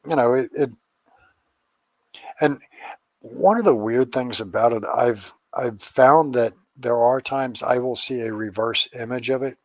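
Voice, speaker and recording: A middle-aged man talks as a guest in an interview, rambling from one story to the next and dropping crude jokes and swear words. His voice sits at an ordinary pitch. The recording is dry and dull. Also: measured pace, no echo. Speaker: psychic medium and paranormal investigator guest.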